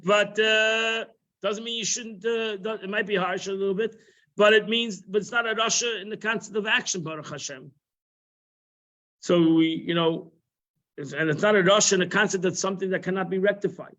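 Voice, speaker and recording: High-voiced man teaching a Torah class. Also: steady tone, normal speed, fairly bright tone. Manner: conversational, repeats phrases, sprinkles Hebrew and Yiddish terms. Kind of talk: informal religious lesson. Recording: muffled live-stream audio.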